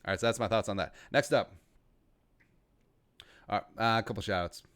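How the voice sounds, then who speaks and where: A man's voice: on the low side, normal speed, fairly bright tone. A man in his thirties from Minnesota hosting a casual livestream podcast, rambling and joking with crude asides. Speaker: podcast host.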